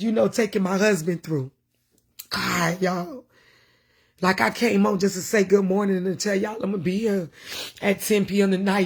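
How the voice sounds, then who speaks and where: High, gravelly-voiced woman minister. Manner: passionate, preachy, emotional. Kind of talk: casual livestream talk.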